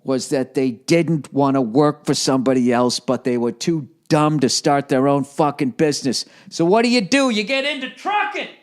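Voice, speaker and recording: A middle-aged man rants through a solo comedy podcast, swearing freely and swinging his pitch wildly as he goes. His slightly high voice carries a lingering cough, and it bounces faintly around a home office. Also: lively intonation, moderate pace, few pauses. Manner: profane, ranting, jumps into mocking put-on voices. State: has a cough. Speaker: podcast host. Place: home office with some echo. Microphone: studio headphones and recorder.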